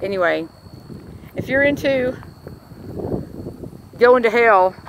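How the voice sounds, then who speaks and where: A woman's voice: fairly high pitch, expressive, slow, highs cut off. A woman giving a rambling religious rant outdoors in a rural pasture, breaking off to coo at the cows around her. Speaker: religious vlogger. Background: wind and animals.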